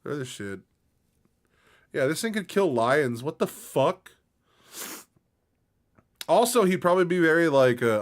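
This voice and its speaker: A man's voice: a little high, very animated, unhurried, pauses often. A young man streaming, rambling in a laid-back, slangy way as he chats with his viewers. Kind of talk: casual live-stream chat.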